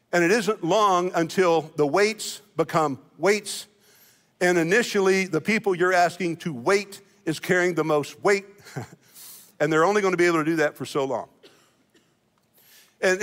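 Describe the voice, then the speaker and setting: A man's voice: on the high side, fairly bright tone. A middle-aged man, a senior pastor, preaching a sermon in a church in a folksy, self-deprecating way, often restarting and repeating his words. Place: church sanctuary. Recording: long church hall reverb.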